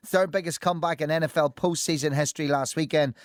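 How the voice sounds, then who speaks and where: A man hosting a sports panel show, teasing his guests with quick jokes. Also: on the high side, steady tone, no echo, studio quality. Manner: jokey and teasing, quick asides. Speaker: host. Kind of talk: lively sports panel chat.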